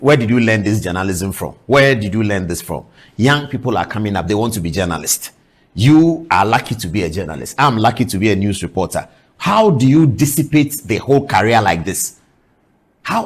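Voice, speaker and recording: Man, TV host, husky, swooping lively pitch, scolding rhetorical questions. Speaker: TV show host. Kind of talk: studio commentary.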